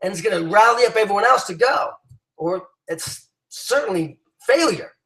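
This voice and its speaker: A man's voice: sits high, animated, normal speed, fairly bright tone, echoey room, rough recording. A man giving an emphatic motivational talk to his team, rallying them with many restarts and fillers. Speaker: business leader addressing his team.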